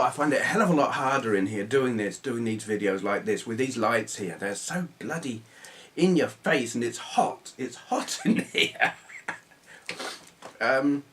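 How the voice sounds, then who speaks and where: A man's voice: mid-range voice, fairly bright tone, slight background noise. A man chatting casually to camera in a small room, rambling with restarts and self-deprecating asides. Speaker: retro gaming YouTuber. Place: small hot room under bright video lights.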